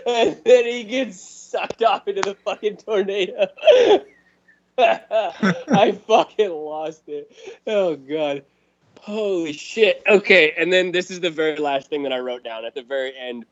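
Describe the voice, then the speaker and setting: A man in casual podcast chat, telling a story in a lively, profane way and laughing often. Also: high voice, unhurried. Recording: dull lo-fi recording.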